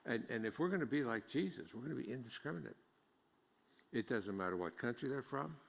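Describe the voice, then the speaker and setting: A man's voice: mid-range voice, lively intonation, brisk, creaky. A middle-aged man preaching a sermon as pastor, folksy and joking, rising to emphatic preaching. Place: church sanctuary. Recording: long church reverb.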